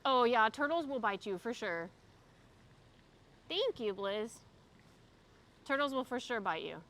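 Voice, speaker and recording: A woman's voice: fairly high pitch, very animated, a little slow, a bit bright. A young woman streaming live from a windy park by a pond, chatting casually and reading out messages from her chat as she does yoga, recorded on a phone camera. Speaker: streamer doing yoga outdoors.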